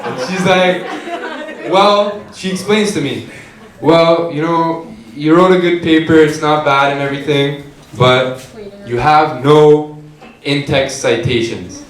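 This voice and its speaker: A young man telling a profane, animated stand-up story on a comedy club stage. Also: on the high side, slow pace, recorded from a distance. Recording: echoey club with crowd laughter. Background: audience laughter.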